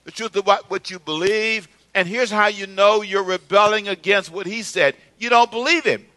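A man's voice: high voice, normal speed, pushed and bright. A male pastor preaching a sermon in a conversational way, calling on the congregation to repeat his words back. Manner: conversational preaching with call-and-response.

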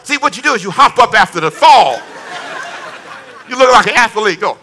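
Male pastor, high bright voice, lively humorous preaching with call-and-response. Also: moderate pace, gravelly, long pauses, a faint crowd. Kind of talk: sermon.

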